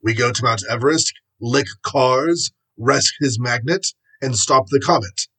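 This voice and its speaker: A man reading aloud voices an eager, blunt male giant hero, in a husky voice. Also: mid-range voice, a little slow, sharp tone, heavily acted, low-quality recording.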